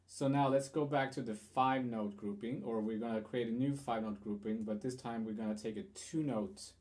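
A man's voice: medium pitch, fairly even intonation, moderate pace, a little mellow. A man giving a guitar lesson, explaining rhythm in a hesitant way with fillers and restarts. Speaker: guitar teacher.

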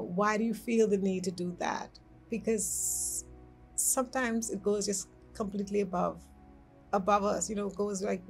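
A woman speaks slowly and earnestly in a gravelly voice, giving a testimonial about a pastor she works with. Soft music lies behind her. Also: mid-range voice, rough recording. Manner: earnest, searching for words. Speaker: ministry colleague giving a testimonial. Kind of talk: spoken testimonial.

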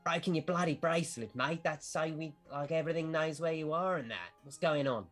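A man voicing a blunt male goblin who enforces rules, gruff and dismissive, over a video call. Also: on the high side, a little fast, a bit bright, soft background music, voice pushed up. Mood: brusque. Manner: blunt, dismissive, says "mate" and "bloody". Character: gruff gray-skinned male goblin rule-keeper. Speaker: game master.

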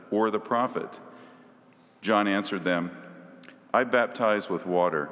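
A man reading the Gospel aloud at Mass in a steady, formal proclaiming manner. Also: on the low side. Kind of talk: liturgical reading of scripture. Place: parish church. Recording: reverberant church.

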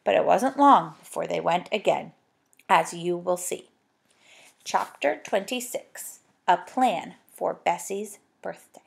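A woman reading a children's storybook aloud, gentle and chatty, with little asides to the listener. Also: lowish voice, animated, slow, creaky. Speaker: narrator.

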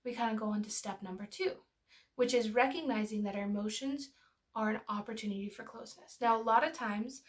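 A woman, a mother, talking casually and telling stories as she teaches parents, with many filler words. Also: a little high. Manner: chatty, storytelling, lots of filler words. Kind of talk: casual educational talk.

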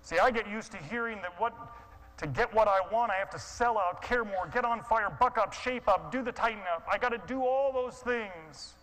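Impassioned bright-voiced male storyteller. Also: sits high, normal speed, rough recording. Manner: impassioned, swings from hushed to shouting. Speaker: guest speaker. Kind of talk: dramatic storytelling sermon.

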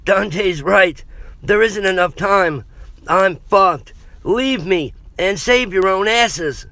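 A man's voice: high voice, takes it slowly, pushed and bright, dry recording, voice pushed up, full character voice. A man voicing an injured young man in a horror story, speaking in a strained, intense, pained way. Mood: desperate. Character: injured young man, brave, in great pain.

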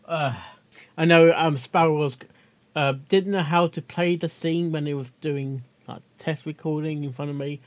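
A man's voice: a little high, steady tone, moderate pace, no room sound. A man hosting a casual reaction video, chatty and giggly, often tripping over his words.

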